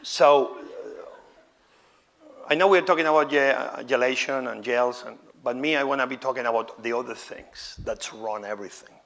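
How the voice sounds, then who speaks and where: A man's voice: mid-range voice, moderate pace, a bit bright. A man whose first language is not English, a chef giving a live cooking demonstration lecture with showman flair and a candid, chatty tone. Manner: showman-like, exclaiming, then candid and conversational.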